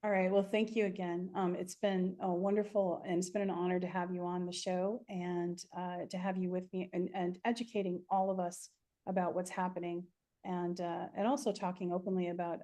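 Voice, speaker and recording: A woman hosting an interview and wrapping it up, speaking in a halting way with many fillers and restarts. Her voice sits a little low for a woman. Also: level tone, warm tone. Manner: halting, filler-heavy speech. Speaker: interview host. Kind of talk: interview sign-off.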